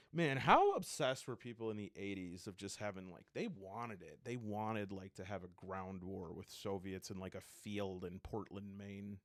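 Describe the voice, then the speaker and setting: A man's voice: on the low side, animated, moderate pace, hardly any pauses, no echo, studio quality. A man casually flipping through and reviewing a tabletop game book, rambling and thinking aloud with enthusiasm.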